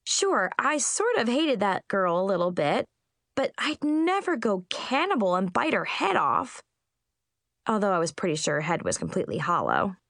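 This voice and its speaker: A woman narrating a first-person storybook in an expressive, comic way. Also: mid-range voice, normal speed, dry recording, clean studio sound. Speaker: audiobook narrator.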